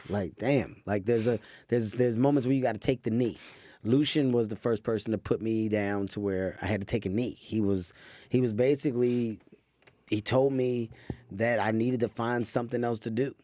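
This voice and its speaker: A man in his thirties telling stories in an animated, quick way as a comedian guest. His voice sits mid-range and sounds dry and close on a studio microphone. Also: mid-range voice, no echo. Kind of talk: interview storytelling.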